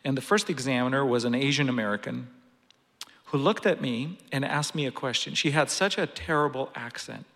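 Man, preacher, gravelly, earnest storytelling, reverberant hall. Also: medium pitch, fairly quick, fairly bright tone. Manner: earnest, personal storytelling with restarts. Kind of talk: sermon with a personal story. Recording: long reverb of a large hall.

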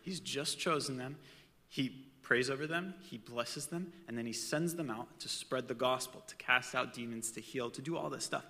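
Bright-voiced preacher man in an echoing hall. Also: mid-range voice, moderate pace. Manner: conversational, chatty asides. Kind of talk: casual sermon with personal stories.

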